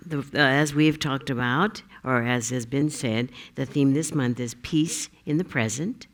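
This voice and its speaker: A woman minister giving a Sunday sermon in a giggly, animated way, fond of jokes. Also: rumbling low, measured pace, few pauses. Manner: giggly, joke-telling, animated.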